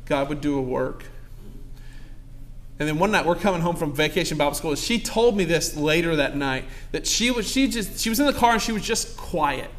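A man's voice: on the high side, animated, a little fast. A young pastor preaching a sermon to his congregation, calling out asides and asking for amens. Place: church sanctuary.

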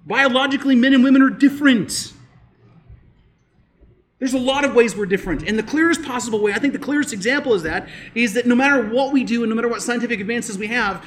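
A man preaching a sermon as pastor, emphatic, rising on key points and dropping low and slow to press them home.

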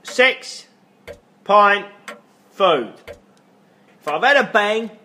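A man's voice: sits high, expressive, extremely slow, bright, forceful tone, heavily acted. An actor playing a blunt, swearing male philosopher from East London with an East London accent and a dismissive manner. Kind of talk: comedy sketch acting.

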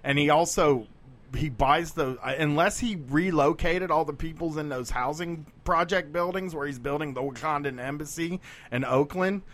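A man's voice: on the high side, moderate pace, fairly bright tone. A man hosting a call-in talk show, joking and laid-back. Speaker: show host. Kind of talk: casual radio talk.

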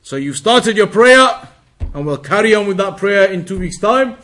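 Very high-voiced man teaching a religious lesson. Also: lively intonation, bright, forceful tone. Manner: reads Arabic text quickly, then explains it slowly; demonstrates pronunciation by drawing out words. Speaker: Islamic teacher. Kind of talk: religious lesson, bilingual explanation.

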